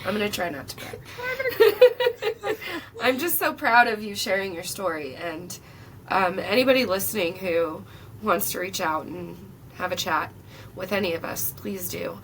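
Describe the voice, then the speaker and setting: A woman's voice: fairly low pitch, normal speed, fairly bright tone. A woman hosting a podcast interview, encouraging her guest and laughing easily. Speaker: podcast host. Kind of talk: casual interview chat. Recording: distant mic with faint noise.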